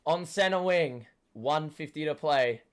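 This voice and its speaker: A young man, hoarse from shouting, gives a live fan commentary of a football match, swearing and yelling at the play. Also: fairly high pitch, a little slow. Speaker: watchalong host.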